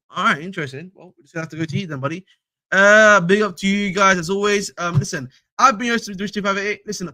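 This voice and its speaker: A man's voice: sits high, sharp tone, no echo. A young man hosting a casual fan live stream, slangy and repetitive, calling viewers bro. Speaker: fan channel host.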